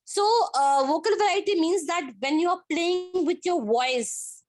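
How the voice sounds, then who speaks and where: High-voiced woman giving an online talk. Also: measured pace. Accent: Indian English. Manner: simple wording, emphatic, repeats key phrases. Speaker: presenter in an online workshop. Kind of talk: speaking-skills presentation.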